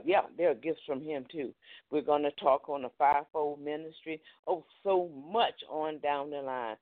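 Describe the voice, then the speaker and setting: Preacher man on a tinny line. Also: a little high. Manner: chatty, peppered with amens and hallelujahs. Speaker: ministry host and preacher. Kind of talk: live-stream ministry announcements. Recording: phone-like narrow sound.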